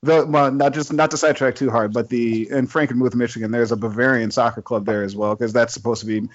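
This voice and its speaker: A man's voice: medium pitch, steady tone, quick pace. A man chats as a podcast guest, spinning anecdotes and laughing along the way. His voice sits in a middle range and the recording is a bit dull. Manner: chatty storyteller, laughs often. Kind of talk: casual chat. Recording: slightly dull lo-fi podcast audio.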